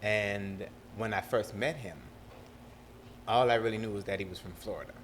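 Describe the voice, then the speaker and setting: A young man with a South Carolina accent, a producer talking as an interview guest in a lively, laughing way. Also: fairly low pitch, moderate pace, a little hiss or hum. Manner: animated, laughing storyteller. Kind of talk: casual interview talk.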